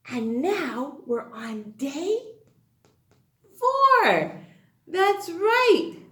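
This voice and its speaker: A woman's voice: sits high, reverberant. A woman teaching an early-grade phonics lesson, sing-song, encouraging and exaggerated as if talking to young children.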